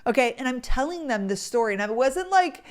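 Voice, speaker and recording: A young woman in her twenties hosting a podcast, telling a story in a chatty, animated, self-deprecating way. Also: sits high, a little fast. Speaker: podcast host. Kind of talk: casual storytelling chat.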